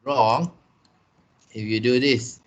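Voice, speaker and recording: A man's voice: mid-range voice, fairly even intonation, highs cut off. A man with a Malaysian English accent teaching a business writing class over a video call, repeating points and checking that students follow. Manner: slow, repetitive, checks understanding with "okay" and "eh". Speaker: trainer.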